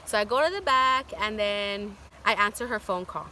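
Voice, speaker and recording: Young woman, storytime vlogger, bright voice, rambling chatty delivery. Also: mid-range voice, moderate pace, slight background noise. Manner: chatty, filler-heavy with constant "like". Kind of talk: casual storytime.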